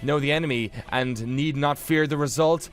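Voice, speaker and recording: A man voicing a cocky young heroine fighter who shouts her attacks in triumph while reading a game aloud. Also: fairly high pitch, normal speed, faint music behind, natural voice. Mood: triumphant. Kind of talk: let's play reading a dating game.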